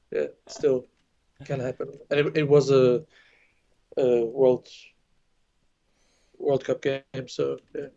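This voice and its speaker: Gravelly French-accented male commentator. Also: medium pitch, highs cut off. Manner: relaxed, thinks aloud with restarts. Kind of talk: live board game commentary.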